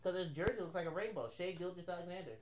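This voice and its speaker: A man's voice: high voice, fast. A man chatting casually as co-host, talking from away from the microphone. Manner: off-mic banter from across the room. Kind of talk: casual chat.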